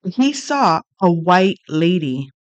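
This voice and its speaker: A woman's voice: on the low side, slow pace, no echo, muffled recording. A middle-aged woman telling a personal story in a casual monologue, blunt and profane, acting out the exchanges as she goes. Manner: blunt, profane, animated retelling.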